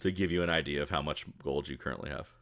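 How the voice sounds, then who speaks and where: A man narrating a tabletop game as game master, casual and excitable, often laughing as he describes the action. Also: extremely low pitch, fast.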